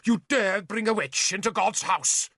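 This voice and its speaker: A man voicing a self-pitying bishop who wails, pleads and snaps in a high, strained voice. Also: unhurried, sharp tone, no echo, studio quality, heavily acted. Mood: hysterical. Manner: wailing, melodramatic, pleading. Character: shrill, hysterical, self-pitying old bishop.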